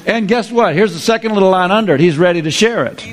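A man preaching a sermon, lively, repeating his phrases and drawing responses from the congregation. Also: sits high, fast talker, crowd noise.

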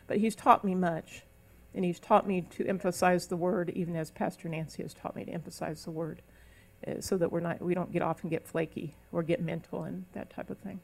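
A woman's voice: on the low side, steady tone, fairly quick, creaky. Middle-aged woman pastor preaching, preacherly and emphatic, breaks into tongues. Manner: preacherly, speaks in tongues, rises into emphatic calls. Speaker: minister. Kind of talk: sermon. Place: church service.

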